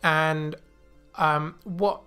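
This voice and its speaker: A man hosting a coding livestream, thinking aloud with many fillers and restarts, a little choked and clearing his throat. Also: a little high, steady tone, extremely slow, pushed and bright, soft background music. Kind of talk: casual live coding walkthrough. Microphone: new desk mic.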